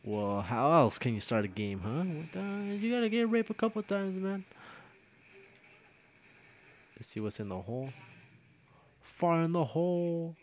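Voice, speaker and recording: A man's voice: on the high side, sing-song, moderate pace. A young man giving casual gameplay commentary as host of his own video series. He jokes, grumbles and trash-talks at other players.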